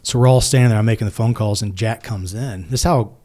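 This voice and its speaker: A man's voice: fairly low pitch, fast, mellow. A man in his forties, a military veteran and podcast guest, earnestly retelling a personal story and acting out both sides of each conversation.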